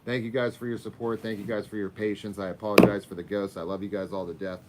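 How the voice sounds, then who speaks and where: Relaxed, low-voiced livestream host. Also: male voice, fast talker, heavy background noise. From Florida. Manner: loose, swears, chatters to his dog. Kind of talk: casual livestream sign-off chat.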